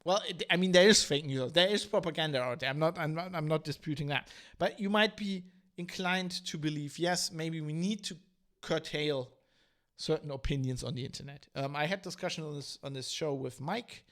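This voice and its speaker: A man's voice: on the high side, normal speed, a bit bright. A man hosting a solo podcast as a tech journalist, talking through his opinions in a casual, hesitant way with frequent fillers and restarts. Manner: hesitant, many restarts and fillers, thinking aloud; conversational, opinionated. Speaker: podcast host.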